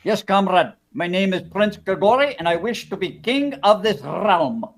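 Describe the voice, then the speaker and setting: A man's voice: high-pitched, expressive, normal speed. A man playing a haughty, callous young prince in an improv comedy scene, dismissive of his subjects. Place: small stage.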